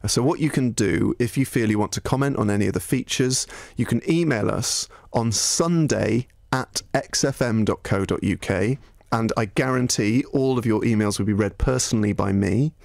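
A man with a Bristolian accent co-hosting a comedy podcast, reading listener messages in a dry, mock-formal manner. His voice has a gravelly texture and is recorded close and dry. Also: lowish voice, moderate pace, hardly any pauses, no room sound. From Bristol, England. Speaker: radio podcast co-host. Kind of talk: casual comedy chat.

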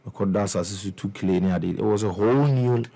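A man's voice: fairly low pitch, quick pace, dark tone. A young Ghanaian man with a Ghanaian accent, telling his life story in a casual interview and mixing English with Twi, with many restarts. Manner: mixes English and Twi, frequent restarts and repeated words. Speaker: musician guest.

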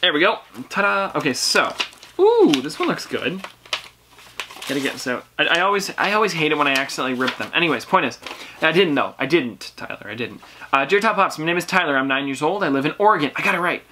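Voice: mid-range voice, lively intonation, fast talker, background noise. A teenage YouTube host chatting casually while reading viewers' letters aloud, upbeat and talkative. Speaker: YouTube collector channel host. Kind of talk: casual mail-opening vlog.

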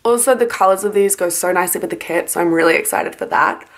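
A woman's voice: lowish voice, fast. A young woman chatting casually in a haul video, gushing about what she bought, full of likes and ums, a little sleepy and yawning. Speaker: planner sticker haul vlogger.

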